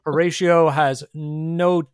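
A man's voice: on the high side, steady tone, takes it slowly, smooth, dry recording. Man playing a tabletop game, dry sound. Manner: cheerful, narrates his character's actions. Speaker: player. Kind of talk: casual tabletop game chat.

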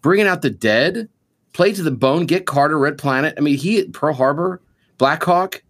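Animated, profane man chatting about movies. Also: on the high side, normal speed. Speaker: podcast co-host. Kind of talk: casual movie chat.

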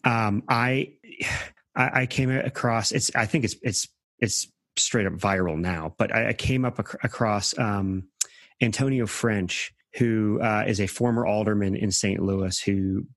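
A man hosting a reflective conversation, speaking earnestly and haltingly with many restarts. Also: on the low side, a bit bright, dry recording, studio quality.

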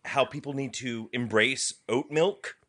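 A man playing along on a comedy podcast, rambling deadpan answers with many fillers. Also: medium pitch, a little slow. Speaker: podcast co-host and contestant.

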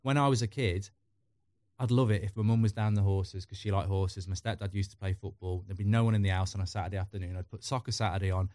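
A man's voice: low-pitched, fairly even intonation, quick pace, hardly any pauses, a little mellow, dry recording. A middle-aged man chatting candidly as a podcast guest, rambling through personal stories. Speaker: podcast guest, football YouTuber. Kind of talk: casual chat.

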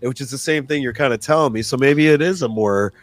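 A man co-hosting a podcast, mostly giving short, relaxed replies and now and then telling a story of his own. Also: medium pitch, quick pace, no room sound. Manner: brief agreeing replies, relaxed. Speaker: podcast co-host. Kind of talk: casual chat.

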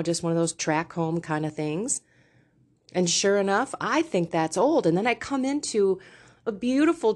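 A middle-aged woman hosting a Catholic podcast, speaking frankly and confessionally from a seat in a home. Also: lowish voice. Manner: frank and confessional, slow and deliberate. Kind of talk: candid faith talk. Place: seated in a home.

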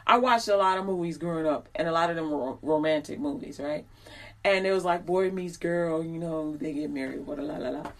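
A woman in her forties, the host, tells a personal story in a chatty, rambling, digressive way, acting out the people she quotes. Her voice is low and a little fast.

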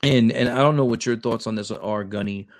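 A man's voice: mid-range voice, brisk, dry recording. Man, casual podcast, rambling with restarts, dry close sound. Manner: rambling, with many restarts and stammers. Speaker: podcast co-host, Marine recruiter.

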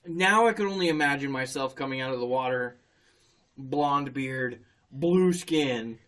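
In a medium-pitched voice that runs a little slow, a man recounts a story while chatting casually. He swears a lot, stays animated, and keeps laughing.

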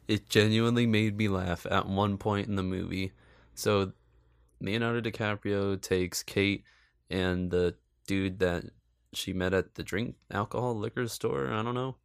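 A man's voice: fairly low pitch, gravelly, no room sound, studio quality. A man giving casual, sarcastic movie commentary, swearing freely and laughing often. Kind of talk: casual film review commentary.

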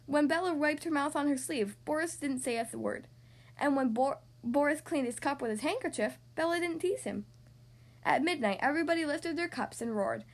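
A woman reading a children's picture book aloud in an expressive, sing-song way. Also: sits high, moderate pace. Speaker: storyteller.

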